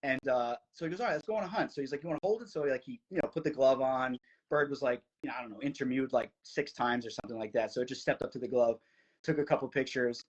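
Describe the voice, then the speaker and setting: A young man from New Jersey, a podcast guest, telling a story in casual chat, fast and eager, full of "like" fillers. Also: medium pitch, muffled recording. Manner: excited, fast, many "like" fillers.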